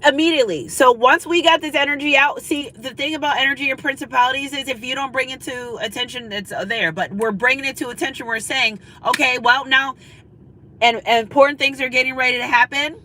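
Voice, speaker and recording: A woman with a high voice speaks fairly quickly in a bright, forceful tone, heard on poor audio with a little hiss or hum. She's a tarot reader doing a spiritual reading in a car, chatty and confiding, frequently checking with her listeners and repeating "you know what I'm saying."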